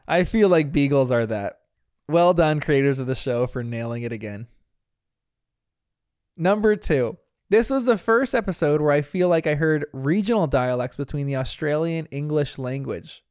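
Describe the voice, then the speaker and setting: Chatty man with a smooth, higher voice. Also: lively intonation, moderate pace, darkish tone, dry recording, studio quality. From New Jersey. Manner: chatty, laughs often, self-deprecating asides. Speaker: podcast host reviewing a cartoon. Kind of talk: casual episode commentary.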